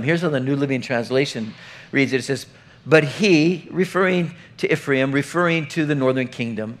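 A man's voice: mid-range voice, moderate pace. A middle-aged man preaching an earnest, conversational sermon, often putting questions straight to the congregation. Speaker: pastor.

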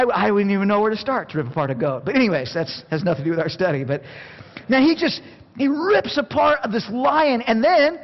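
Man preaching, very high voice, passionate, long hall echo, dull sound. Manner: passionate, swings from quiet to near shouting; plays out Bible quotes in acted voices. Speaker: pastor. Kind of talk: sermon.

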